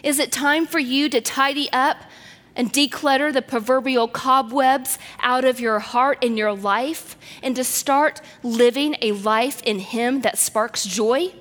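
A woman preaches with earnest storytelling, her voice pitched fairly high. She drops to soft near-whispers at the tender moments. Her words ring out with a long reverb in a large hall. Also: fairly even intonation, a little slow. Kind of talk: sermon with personal story.

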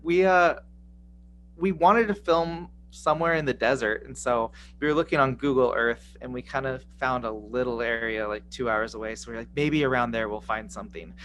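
A man's voice: mid-range voice, normal speed, a bit bright, a little hiss or hum. A man guest on a casual podcast interview, telling stories with frequent laughs. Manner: laughing, storytelling. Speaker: guest musician.

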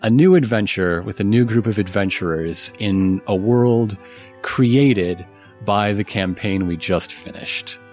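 Low slow game master guy, lots of uhs, faint music behind. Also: darkish tone. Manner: unhurried, filler-heavy scene-setting. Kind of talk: narrating a tabletop game.

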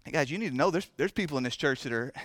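A man preaching a sermon in a church, impassioned and repetitive, moving between hushed and loud delivery. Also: fairly high pitch, expressive, very fast, dry recording. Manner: chokes up with emotion. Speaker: pastor. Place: church sanctuary.

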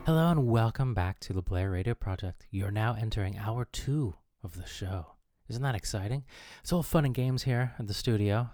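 A man hosting a comedic mock radio show with deadpan, pompous announcer patter. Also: fairly low pitch, moderate pace, hardly any pauses, faint music behind. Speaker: host.

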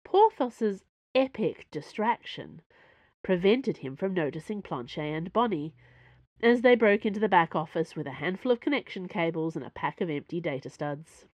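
Woman reading her own serial story, lively and expressive, lowish voice, dry studio. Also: normal speed, dry recording. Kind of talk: scripted fiction narration.

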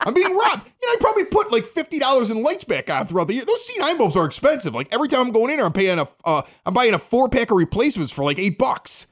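A man's voice: fast talker, few pauses. A middle-aged man from the Chicago area hosting a local podcast, telling a story casually and acting out the quotes. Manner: animated, acts out quotes with big pitch jumps. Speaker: podcast host.

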